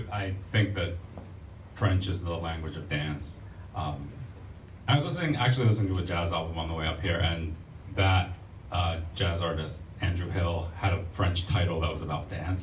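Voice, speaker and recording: A low-pitched American man reads poetry in a measured, rhythmic cadence, pausing for casual asides to his audience. He sounds distant from the microphone in an echoey library room, with a faint hum of ambient noise behind him. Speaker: poet. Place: public library event room.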